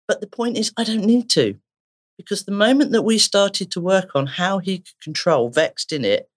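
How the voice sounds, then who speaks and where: A woman therapist with an Essex accent, telling stories animatedly in a podcast conversation and laughing often. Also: deep voice. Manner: animated storyteller, laughs often, acts out voices. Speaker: therapist guest.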